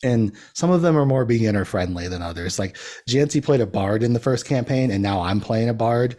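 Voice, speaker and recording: A man's voice: mid-range voice, lively intonation, fairly quick, mellow. A man talking as a podcast guest in casual chat. He rambles, uses many fillers and laughs often.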